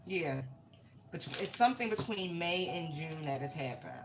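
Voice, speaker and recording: A woman's voice: lowish voice, lively intonation, normal speed, noisy background. A woman giving a casual tarot reading, talking bluntly and swearing freely. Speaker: tarot reader. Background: music.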